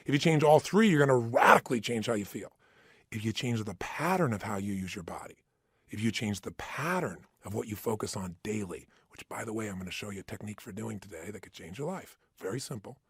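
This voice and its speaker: A man's voice: mid-range voice, husky, no echo, studio quality. A man giving an emphatic motivational talk, acting out the voices in people's heads. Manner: emphatic, acts out inner voices. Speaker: motivational speaker.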